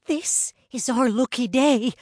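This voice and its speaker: Brief: a woman voicing a high, loud, gushing young fan, slow and dry-sounding. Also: no room sound. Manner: squealing, breathless enthusiasm.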